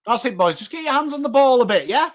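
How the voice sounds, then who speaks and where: A man with an English accent hosting a live footy watchalong, mixing game commentary and cheering with quick replies to viewers in chat. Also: very high voice. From England. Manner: animated, jumps between cheering the team and greeting viewers. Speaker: livestream host.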